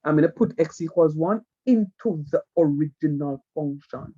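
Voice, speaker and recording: A man's voice: on the high side, steady tone, normal speed, few pauses, highs cut off. A man, teaching math in an online class, repeating himself and coaxing students to watch. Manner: repetitive, coaxing, keeps saying "watch me".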